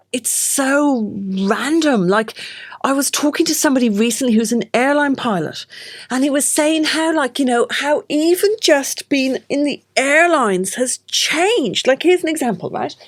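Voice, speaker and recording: A middle-aged woman from Australia, a baby sleep consultant hosting a casual chat and acting out quotes with big jumps in pitch. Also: moderate pace, no room sound, studio quality.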